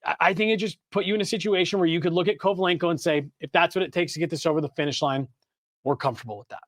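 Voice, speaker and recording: A man co-hosting a sports podcast, chatting casually in a rambling, animated way with plenty of fillers and restarts. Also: on the high side, very fast, no echo, clean studio sound. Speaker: podcast co-host. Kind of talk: casual hockey podcast chat.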